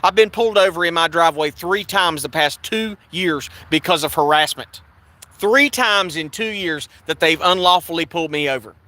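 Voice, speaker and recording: A man's voice: a little high, moderate pace, bright, forceful tone. A man angrily recounting a police stop, restarting and repeating himself as he acts out the exchanges. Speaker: video creator recounting an arrest. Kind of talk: angry first-person account. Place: in a vehicle.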